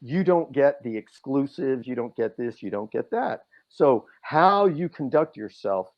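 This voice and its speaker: A man telling stories as a podcast guest, animated and lively, throwing his voice up high when he acts out what people said. The sound is a little dull and lo-fi. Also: unhurried. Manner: animated, acts out quotes with big swings in pitch. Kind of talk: casual storytelling.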